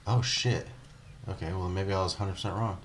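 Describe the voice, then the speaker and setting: A man's voice: low voice, steady tone, normal speed, crowd noise. A man co-hosting a casual gaming podcast, rambling with many fillers and laughing often. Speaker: podcast co-host.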